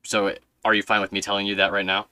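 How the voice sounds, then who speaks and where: Young man, podcast host, low voice, dry close sound, rambling chatty delivery. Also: fast talker, dry recording. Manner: rambling, animated storytelling with many fillers. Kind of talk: casual podcast chat.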